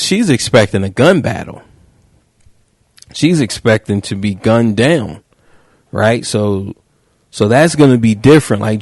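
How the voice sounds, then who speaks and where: Male podcast host, gravelly voice, slangy comic banter, dry close sound. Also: fairly low pitch, dry recording. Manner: joking, animated, slangy riffing. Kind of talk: casual podcast chat.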